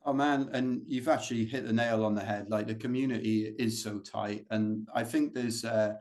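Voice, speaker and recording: A man's voice: lowish voice, steady tone, moderate pace, darkish tone. Chatty British man telling running stories. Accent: British English. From Britain. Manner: rambling storytelling with many fillers. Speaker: guest, ultrarunner. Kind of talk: casual interview chat.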